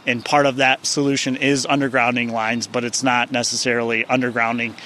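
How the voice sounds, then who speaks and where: Utility guy talking on the street, flat but bright voice, faint traffic. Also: mid-range voice, a little fast. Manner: flat, matter-of-fact explaining. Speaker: utility worker. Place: outdoors on a street. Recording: outdoor street noise.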